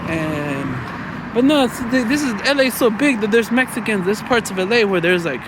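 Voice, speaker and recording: Recorded outside with background noise, a US vlogger of Mexican-American background rambles casually in a voice that sits high, with lively intonation and a normal speed. He fills his talk with "man" and "you know," and swears freely.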